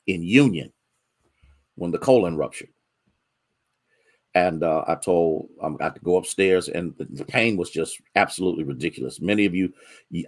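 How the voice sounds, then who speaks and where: A man preaching a sermon as pastor, moving from rising, drawn-out exhortations to low, quick storytelling and greeting members of the congregation by name. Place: church sanctuary.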